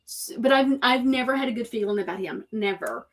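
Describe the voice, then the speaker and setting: A woman's voice: a little high, a little fast. Woman, show host, emphatic casual talk, repeats points for effect.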